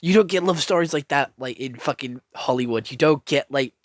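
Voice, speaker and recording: A man's voice: mid-range voice, a little fast, no room sound, studio quality. A man giving a casual, rambling anime review, gushing and swearing freely with lots of restarts. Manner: gushing, profane, rambling with many likes and restarts.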